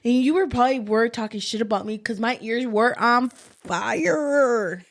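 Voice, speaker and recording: Woman, higher voice, casual podcast storytelling, code-switching. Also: unhurried. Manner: switches between English and Spanish mid-sentence, animated quoting of others. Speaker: podcast co-host.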